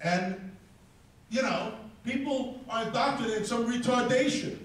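A man's voice: extremely high pitch, measured pace. A man giving a combative, profane, ranting speech to a live audience at an event. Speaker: speaker at a crypto event. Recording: very echoey, distant mic in a hall.

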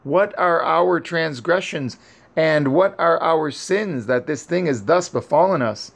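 A man's voice: fairly high pitch, a little slow, creaky, pitched above the performer's own voice. A man voicing frightened caravan men pleading. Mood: fearful, pleading. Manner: urgent, pleading, fearful.

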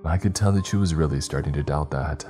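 A man narrating a horror story in a grim, even, scripted manner. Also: a bass voice, fast talker. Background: faint background music.

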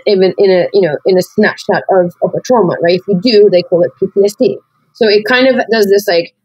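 A woman's voice: medium pitch, a little mellow, dry recording. Woman podcast co-host, candid, meandering with fillers; muffled, close and dry. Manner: rambling, many "like" fillers, reflective. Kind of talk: candid conversational chat.

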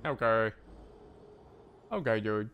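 A man's voice: on the low side, slow, phone-quality sound, a little hiss or hum. A man streaming a video game, muttering and swearing at it, with frustrated outbursts and jokes at his own expense. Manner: swears a lot, frustrated outbursts and self-mockery; mutters to himself between loud yelps. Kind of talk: live gameplay commentary.

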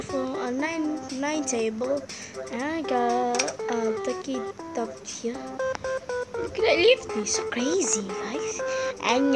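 A woman hosting a gaming video, commenting in a halting, simple way, easily spooked and often calling out to her viewers. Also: fairly high pitch. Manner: halting, simple phrasing, often calls out to "guys". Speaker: gaming channel host. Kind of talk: let's-play commentary. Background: game music.

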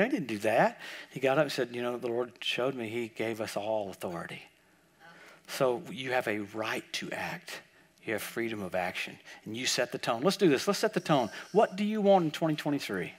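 An older man preaching a sermon, telling stories with lively acted-out quotes, often repeating words and dropping into soft, quiet tones. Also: mid-range voice, fairly quick. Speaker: guest preacher. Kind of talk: sermon storytelling.

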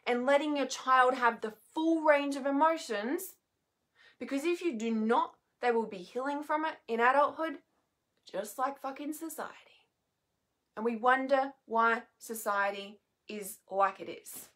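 A tired woman venting at home from her bed, with a slightly high voice. Her talk is raw and restless, full of swearing, trailing off and restarting. She sounds emotionally worn. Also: measured pace, fairly bright tone. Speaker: healer and mentor vlogger. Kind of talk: emotional unscripted monologue.

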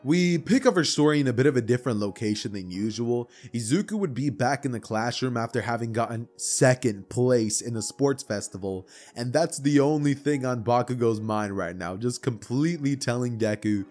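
A man narrating a fan story in a casual, chatty way, with quick asides. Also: mid-range voice, darkish tone. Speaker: YouTube storyteller.

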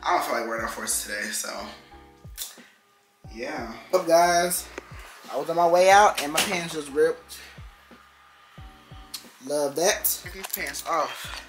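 A young man rambles through a casual vlog, slangy and chatty, now and then leaping up in pitch. The sound is roomy and echoey. Loud music runs under his talk. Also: unhurried, pauses often. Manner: chatty, loose and slangy, with abrupt jumps up in pitch. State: out of breath. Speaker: vlogger.

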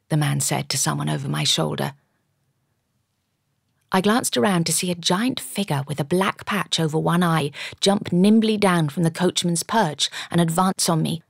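A woman's voice: low voice, normal speed, vocal fry, dry recording, studio quality. A woman narrating an audiobook in the first person, with dramatic storytelling.

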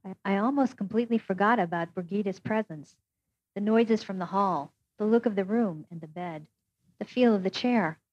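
Woman, audiobook narration, steady and measured, muffled lo-fi sound, dry close recording. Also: mid-range voice, no echo. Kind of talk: scripted narration.

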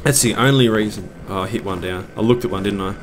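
Excitable man gaming. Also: lowish voice, fast talker, background noise. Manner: excitable, swings between panic and cheering. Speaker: gaming video creator. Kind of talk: live gameplay commentary.

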